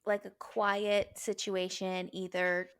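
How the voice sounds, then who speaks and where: A woman's voice: medium pitch, level tone, slow pace, smooth. A young woman co-hosting a casual podcast with her sibling, giggly and a little hesitant as she asks silly questions. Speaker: podcast co-host.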